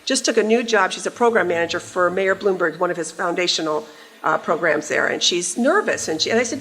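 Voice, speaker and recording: A woman's voice: fairly low pitch, animated, fast, fairly bright tone. A woman in her sixties giving a conference keynote in a large hall, a wry, conversational storyteller who teases the audience. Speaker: keynote speaker.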